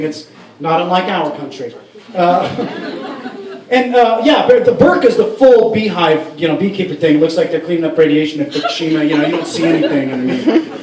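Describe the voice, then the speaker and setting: In a club, a man does a rambling, profane stand-up set with lots of restarts. He has a high voice with a darkish tone, recorded from a far mic with roomy room sound.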